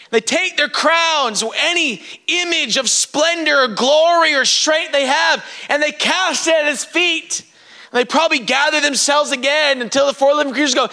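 A man delivers a fervent sermon, his voice pitched very high for a man. His tone is bright and forceful, and he breaks into sudden shouts as he preaches. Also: normal speed. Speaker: pastor.

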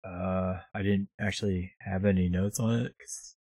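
Husky-voiced man, profane and rambling. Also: sits low, steady tone, moderate pace, warm tone, no room sound, clean studio sound. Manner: profane, rambling movie recap with mocking impressions. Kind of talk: casual chat.

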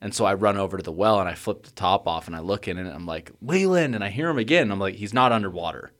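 Low-voiced man telling a wild story. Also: very fast. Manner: swears freely, gets loud and worked up when retelling panic. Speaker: podcast co-host. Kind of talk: casual storytelling chat.

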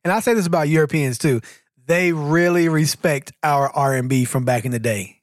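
A man's voice: on the high side, moderate pace, dry recording. A man co-hosting a casual podcast chat, answering in a laid-back, dry way. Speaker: podcast co-host.

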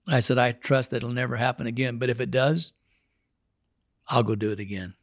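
A man's voice: medium pitch, fairly even intonation, a little fast, dry recording, clean studio sound. A man, a pastor, telling a story in a sermon and acting out the people in it.

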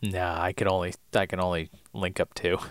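A man's voice: low-pitched, fairly quick, no room sound, studio quality. A man co-hosting a podcast in casual chat, cracking jokes and puns and reacting with laughs. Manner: jokey, punning, animated reactions with laughs. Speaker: podcast co-host.

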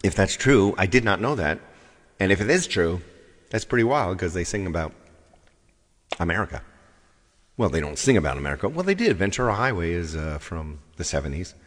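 A man's voice: low-pitched, sing-song, brisk, pauses often, big-room sound. A man casually chatting with viewers between songs on a live stream, rambling and greeting people by name. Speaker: live-stream singer with guitar. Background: loud guitar playing.

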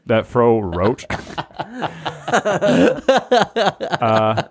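A man's voice: mid-range voice, lively intonation, moderate pace, dry recording, clean studio sound. A man hosting a comedy podcast, reading listener-written scripts aloud and laughing often. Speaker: podcast host.

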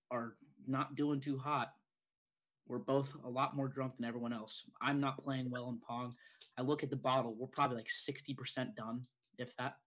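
A young man chatting loosely on a podcast, telling a long, rambling story. His voice sits at an ordinary pitch, and he swears often in a relaxed, unscripted way. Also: poor audio. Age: young adult. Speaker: podcast co-host. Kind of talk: casual chat.

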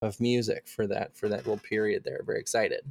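A man's voice: fairly low pitch, little pitch movement, vocal fry, a little mellow. A man co-hosting a podcast, chatting playfully and riffing on the others' jokes. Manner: playful, quick to laugh along. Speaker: podcast co-host. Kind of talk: casual podcast chat.

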